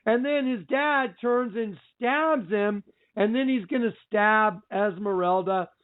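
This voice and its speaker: Male radio host, high voice, talks slowly, animated storyteller, phone-quality sound. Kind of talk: retelling a movie in casual preaching talk. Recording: tinny phone-line sound.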